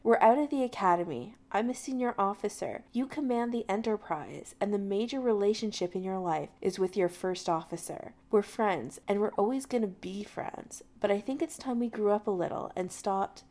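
Woman reading McCoy, a gruff tired doctor. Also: medium pitch, normal speed, few pauses, a little mellow, lightly acted. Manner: curt, clipped, rough. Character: gruff weary male ship's doctor, thirty-one.

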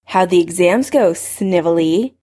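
A woman's voice: on the low side, a little slow, dark tone. A woman voicing an arrogant teenage wizard who drawls smugly, in a story reading.

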